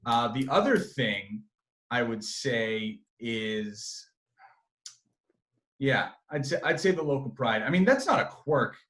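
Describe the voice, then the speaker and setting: A young man, a sports reporter, chatting as an interview guest, animated and full of fillers and restarts. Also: medium pitch, takes it slowly, poor audio. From Massachusetts. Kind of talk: casual interview chat.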